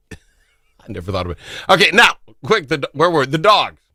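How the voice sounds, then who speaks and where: A man hosting a radio show, chatty and quick to laugh as he asks questions in casual chat. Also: fairly high pitch, no echo. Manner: chatty, laughs easily, animated. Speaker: radio host.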